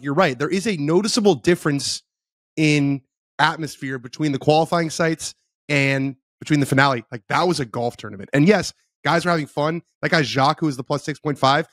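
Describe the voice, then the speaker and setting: A man co-hosting a golf podcast, recounting an event quickly and enthusiastically in casual chat. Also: a little high, a bit bright, dry recording, studio quality. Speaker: podcast co-host.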